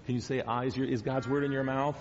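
A man giving a children's sermon as pastor, gently asking the children questions and coaxing answers. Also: medium pitch, little pitch movement, fast talker, slight background noise. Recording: dull sound in a long-echo church hall.

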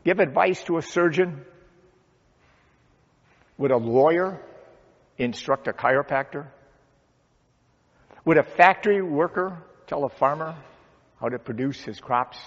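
A man preaching a sermon as pastor, with slow, dramatic pauses and swelling emphasis. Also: on the high side. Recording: dull sound with long church reverb.

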